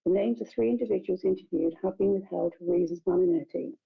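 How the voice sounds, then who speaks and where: A woman as investigating officer presenting her report at a hearing, in a measured, formal way. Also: fairly low pitch, creaky, husky. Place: council meeting room. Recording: dull lo-fi meeting recording.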